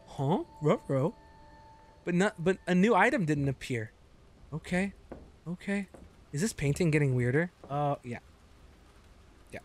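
With a slight hiss or hum behind him, a man with a high-leaning voice does live gameplay commentary. He chats to his viewers excitably, swears plenty, and lets out yelps when he gets startled.

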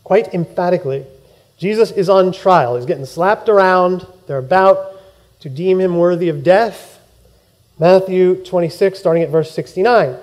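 Male pastor, high mellow voice, animated sermon storyteller in church. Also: normal speed. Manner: animated storytelling, acting out quoted lines, laughing.

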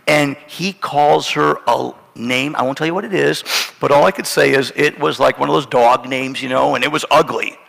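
A middle-aged man preaching a storytelling sermon, animated and self-mocking, often laughing through his story. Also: medium pitch, normal speed, gravelly. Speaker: pastor. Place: church sanctuary. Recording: church hall with long reverb.

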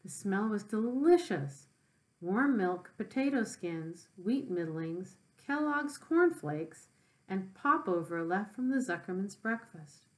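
Expressive woman teacher reading aloud. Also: mid-range voice, takes it slowly, poor audio. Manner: expressive, with brief explanations for children. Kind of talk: reading a children's book aloud.

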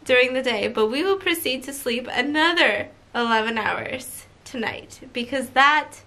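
A young woman telling a travel story in a casual vlog, chatty and animated, with lots of "like", filmed in a hotel room on a handheld camera. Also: high voice, unhurried. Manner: chatty, animated, giggly, heavy use of "like". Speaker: travel vlogger. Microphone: handheld camera held by partner.

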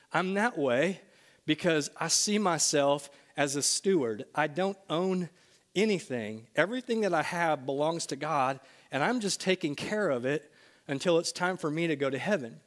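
A man's voice: high voice, fairly bright tone. A middle-aged male pastor preaching to a congregation in a church, telling a personal story in a conversational way that rises to emphatic bursts. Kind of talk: sermon. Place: church sanctuary before a congregation.

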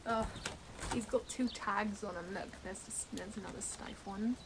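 A young woman vlogging a casual unboxing of a plush, excited and amazed, rambling with fillers and restarts, recorded on a camera mic on a tripod at home. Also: mid-range voice, moderate pace, very noisy.

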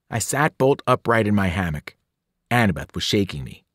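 A teacher reading a novel aloud with drama, his voice rising and falling in a very lively way. The sound is dry and close to the microphone. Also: lowish voice, moderate pace, no echo. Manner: dramatic, with whispered and shouted voices. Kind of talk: expressive read-aloud narration.

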